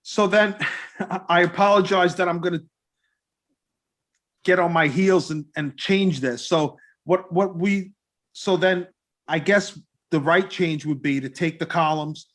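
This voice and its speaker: Eager man pitching a design. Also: steady tone, a little slow, a bit bright. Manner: earnest, eager, many restarts. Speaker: applicant presenting a restaurant design. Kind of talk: presentation at a public meeting.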